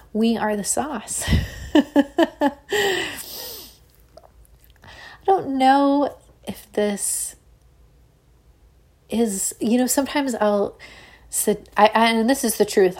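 A woman, hosting a casual solo podcast in a chatty, animated way with Valley Girl-ish phrasing. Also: mid-range voice, vocal fry, slightly rough. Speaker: podcast host.

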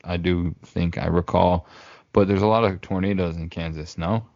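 Deep-voiced male co-host, loose and jokey, dull dry lo-fi recording. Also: steady tone, moderate pace, vocal fry, a little mellow, dry recording. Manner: rambling, joking, lots of fillers. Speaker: podcast co-host. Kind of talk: casual chat.

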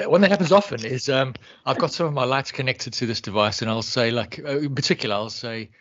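A man's voice: mid-range voice, quick pace, hardly any pauses, a bit bright, dull audio. A man with a South African accent co-hosting a podcast, chatting casually and hesitantly, often repeating words. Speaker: podcast co-host.

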